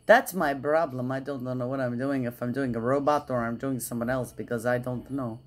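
Woman, low voice, casual vlog chat, giggly, rambling. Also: steady tone, normal speed, few pauses, darkish tone. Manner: chatty, giggly, rambling, repeats herself. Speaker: vlogger.

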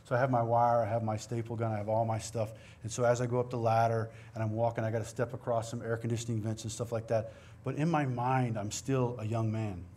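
A man's voice: medium pitch, little pitch movement, quick pace, darkish tone. A middle-aged man preaching a sermon in a church, earnest and conversational, mixing scripture reading with personal stories. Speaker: pastor. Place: church sanctuary.

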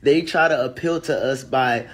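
A man's voice: mid-range voice, normal speed, a bit bright, faint music behind. A man co-hosting a casual reaction show, talking in a dismissive, conversational way. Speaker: co-host.

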